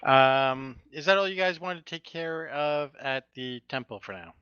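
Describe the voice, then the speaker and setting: Dungeon master, man, bright dry voice, easygoing halting narration, dull lo-fi mic. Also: fairly high pitch, clear, resonant tone, dry recording. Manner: relaxed, halting narration with fillers. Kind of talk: running a tabletop game over voice chat.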